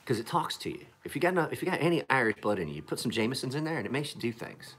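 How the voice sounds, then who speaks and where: A man's voice: mid-range voice, sing-song, rapid-fire, a bit bright, husky. A man in his forties from Appalachian Pennsylvania, chatting casually on a live stream in a rambling, profane and joking way. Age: 40s. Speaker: knife-sharpening streamer.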